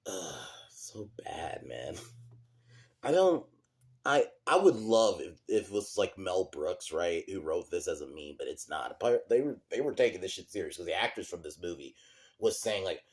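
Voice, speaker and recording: A man's voice: low voice, animated, normal speed, a little mellow. A young man giving a casual, sarcastic and profane movie review, full of fillers like "like" and "um". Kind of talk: casual ranting commentary.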